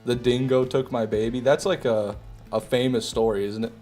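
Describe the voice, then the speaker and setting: Michigan streamer bantering with chat. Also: male voice, medium pitch, steady tone, moderate pace, darkish tone, soft background music. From Michigan, USA. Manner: joking, mock-indignant banter with chat. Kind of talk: casual live-stream commentary.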